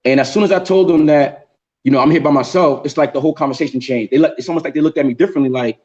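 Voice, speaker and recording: A man hosting a casual group chat on a video call, telling a story in an animated way and often repeating words. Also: fairly high pitch, very fast, dull audio. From New York. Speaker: show host.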